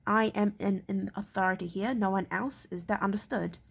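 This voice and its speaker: A woman's voice: mid-range voice, steady tone, normal speed, gravelly, slightly rough. A woman reading as a haughty, touchy castle lord. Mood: stern. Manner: stern and clipped, often stumbling on words.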